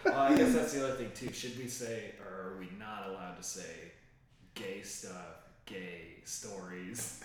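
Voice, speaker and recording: A man's voice: low-pitched, very animated, measured pace. Profane young man telling stories in an echoey room. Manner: crude, profane storytelling with frequent laughter. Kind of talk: casual chat. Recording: very echoey room with crowd noise.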